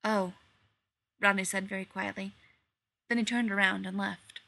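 A woman reading fiction aloud in an expressive, animated storytelling manner. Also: mid-range voice, moderate pace, gravelly. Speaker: reader.

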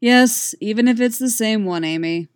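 A woman reading the lines of a gruff adult male martial arts coach who talks curtly. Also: fairly high pitch, normal speed, voice pushed up, close to an everyday voice. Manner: curt and grumbling.

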